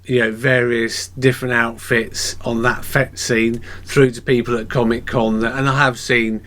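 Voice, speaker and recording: A man's voice: mid-range voice, little pitch movement, normal speed, fairly bright tone. A man hosting a podcast interview, chatting casually and telling rambling stories with many restarts. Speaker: podcast host.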